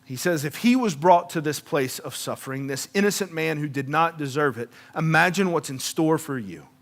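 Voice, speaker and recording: A man preaching a sermon in a conversational way, stumbling and repeating words, then dropping to hushed endings after emphatic lines. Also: moderate pace. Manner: conversational preaching with frequent repetitions and restarts; swings from emphatic peaks to hushed low endings. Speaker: pastor.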